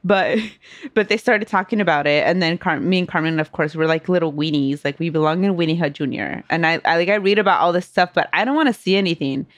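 A woman's voice: on the low side, fast, no echo. A young woman hosting a podcast, telling a rambling story with lots of fillers and laughs. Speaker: podcast host. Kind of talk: casual podcast chat.

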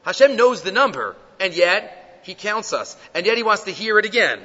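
A man teaching the weekly Torah portion, animated and full of rhetorical questions, reading Hebrew quotes and explaining them in English. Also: high-pitched, moderate pace. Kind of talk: Torah lecture. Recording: dull lo-fi recording in a reverberant hall.

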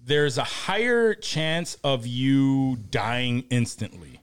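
A man's voice: medium pitch, animated, slow pace, smooth. A man co-hosting a casual podcast, giggly and teasing, often stumbling over his words. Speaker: podcast co-host. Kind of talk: casual chat.

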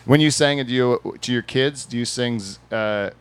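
A man's voice: medium pitch, normal speed, clear, resonant tone. A Canadian man hosting a casual talk show in a bar, telling rambling jokey stories with lots of fillers. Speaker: podcast host. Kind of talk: casual chat. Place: bar with a small studio audience.

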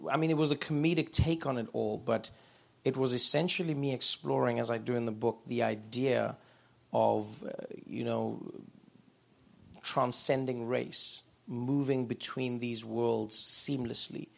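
A man, a guest author and comedian telling animated stories in a live on-stage conversation. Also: mid-range voice, slow pace, creaky. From South Africa. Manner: animated storytelling. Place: live event room.

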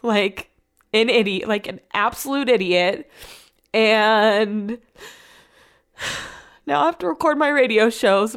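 Chatty young woman, smooth clear voice. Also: medium pitch. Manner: chatty and rambling, with constant "like" fillers. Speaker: vlogger and radio host. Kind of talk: casual storytelling vlog.

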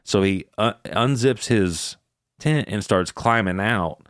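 A man with a very low, smooth voice retells eerie stories in a loose, profane way. His voice is recorded dry and close. The delivery is relaxed and conversational. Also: slow, no echo. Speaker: podcast host. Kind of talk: casual storytelling chat.

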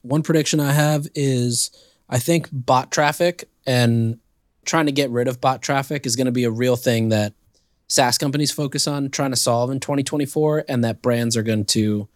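Male co-host, relaxed blunt chat, dry studio mic. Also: medium pitch, normal speed, dry recording. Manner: laid-back, blunt, laughs easily. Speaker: podcast co-host. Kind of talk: casual chat.

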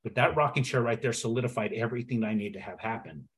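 Animated male storyteller on a podcast. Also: mid-range voice, quick pace. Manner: animated storyteller acting out dialogue. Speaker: podcast guest. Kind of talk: storytelling in conversation.

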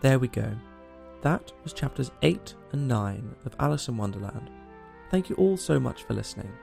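A man reads a storybook aloud for a bedtime podcast. His voice is heavily gravelly, and his pitch moves in a lively way. His delivery is gentle and soothing. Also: normal speed, faint music behind. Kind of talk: storybook reading.

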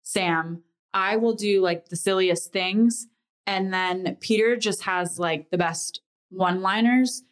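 Woman from Texas, animated storyteller, mid-pitched voice, laughs a lot, mimics voices. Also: slow pace, clean tone. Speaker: podcast guest. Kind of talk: casual chat.

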